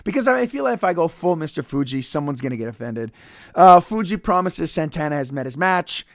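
A man's voice: a little high, sing-song, brisk, dry recording, clean studio sound. A man reviewing a wrestling match in casual solo podcast commentary, profane, sarcastic and rambling.

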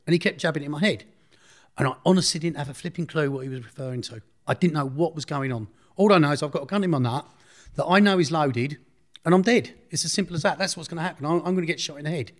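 A man's voice: a little high, fast. Blunt man telling his story. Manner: blunt, slangy, with frequent restarts. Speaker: interviewee. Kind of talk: recounting a personal story.

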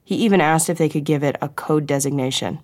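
A woman voicing a sharp-witted female agent talking on the phone, in a confiding, conspiratorial way. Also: low-pitched, fast, close to an everyday voice.

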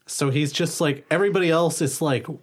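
A man playing in a tabletop game, animated when acting out his character. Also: fairly high pitch, fairly quick. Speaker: player. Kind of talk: casual tabletop role-play.

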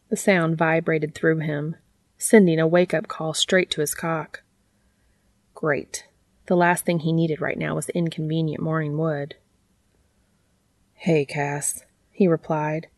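Soft-spoken woman reading a story. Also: deep voice, no room sound. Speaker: narrator. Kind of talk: reading fan fiction aloud.

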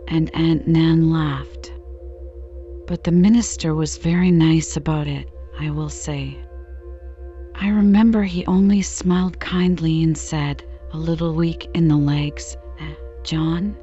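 A woman reads a bedtime story very slowly in a low, mellow voice. Her delivery is calm and soothing, meant to lull listeners to sleep. The recording sounds a little dull, with faint singing bowl music underneath. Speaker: podcast narrator.

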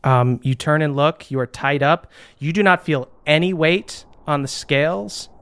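A man narrating as the game master of a tabletop role-playing game, relaxed and easily amused. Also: fairly high pitch, measured pace, smooth.

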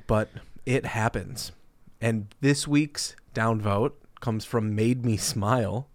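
A man's voice: lowish voice, takes it slowly, no room sound. A man co-hosting a casual comedy podcast, cracking jokes and puns with a playful delivery. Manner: joking, playful, animated delivery. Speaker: podcast co-host.

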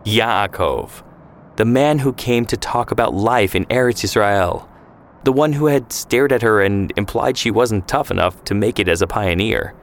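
A man giving measured, scripted narration of a historical story. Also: on the low side, slight background noise. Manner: measured, descriptive.

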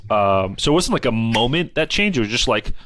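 A man, a podcast guest, telling a casual story in an animated, rambling way with many fillers. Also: mid-range voice, fairly quick. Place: South Florida.

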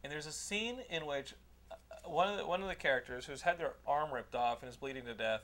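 High-voiced rambling man swearing and laughing. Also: fairly quick, a bit bright. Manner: rambling, profane, laughing storyteller. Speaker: podcast host giving a movie recommendation. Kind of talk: casual podcast chat.

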